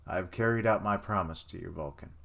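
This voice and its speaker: A man's voice: deep voice, quick pace, vocal fry, fairly bright tone, heavily acted. A man reading a proud young knight. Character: vain young knight hero, proud and self-assured.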